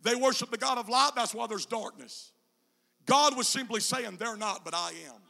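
A man preaching in a high, bright voice with a gravelly edge. He swings from quiet, low teaching passages into shouted, half-sung climaxes, dropping an "uh" before each chanted phrase. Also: moderate pace. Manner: whooping preacher cadence, "uh" between chanted phrases. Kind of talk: sermon.

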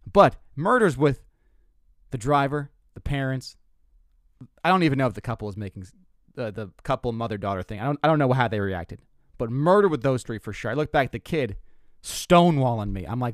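Animated man telling a story. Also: brisk, no echo, clean studio sound. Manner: animated, self-interrupting, swears, jumps pitch for quoted lines. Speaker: comedian podcast host. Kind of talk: casual storytelling monologue.

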